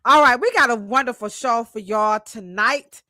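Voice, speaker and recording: A woman's voice: on the high side, moderate pace, sharp tone, no echo, studio quality. A woman from Cleveland co-hosting a podcast in a playful, joking, hyped-up way, speaking. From Cleveland, Ohio. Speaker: podcast co-host. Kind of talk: lively casual podcast chat.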